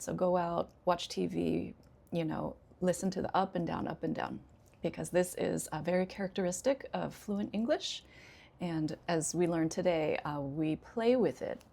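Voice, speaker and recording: An American woman teaching an English lesson, speaking slightly low with a gravelly, fry-tinged edge. She explains things clearly and deliberately and talks straight to her learners in a friendly way. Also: a little mellow. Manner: clear, deliberate teaching delivery with example sentences; friendly, addresses learners directly. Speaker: ESL teacher.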